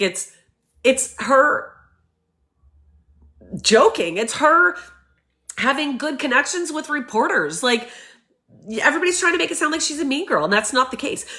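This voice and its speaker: Woman ranting on her vlog, bright voice, kinda high, acts out quotes. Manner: animated, mimics quoted people, emphatic. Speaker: commentary vlogger. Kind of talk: opinionated casual commentary.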